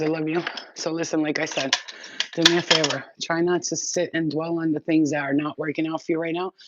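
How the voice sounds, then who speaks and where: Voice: mid-range voice, slight background noise. Blunt, profane tarot reader, dull lo-fi sound. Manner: chatty, addresses viewers directly. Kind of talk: casual spiritual advice talk.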